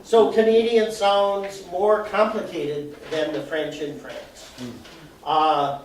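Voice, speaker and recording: Speaking slowly and flatly, a fairly high-voiced man presents a casual live talk in an indoor arts center event room, laughing at himself at times and leaning on everyday examples. The recording catches him at a distance in a very echoey hall, with a faint noise underneath.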